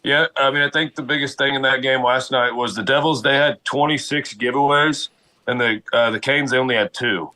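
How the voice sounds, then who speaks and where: A man co-hosting a casual sports talk show, talking quickly and conversationally and often repeating himself. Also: mid-range voice, fairly even intonation, pushed and bright, rough recording. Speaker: co-host.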